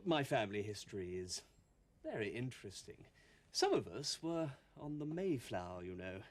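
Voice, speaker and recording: A pompous library visitor. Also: male voice, mid-range voice, huge pitch swings, normal speed. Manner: self-important, stiff. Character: pompous male library visitor proud of ancestry. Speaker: actor in a teaching sketch.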